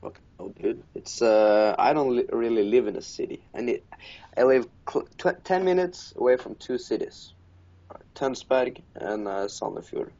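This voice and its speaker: A man's voice: medium pitch, animated, a little slow, mellow. A man from Norway casually telling a crude, profane story about his own mishap and laughing at himself. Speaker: podcast co-host. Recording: dull lo-fi audio.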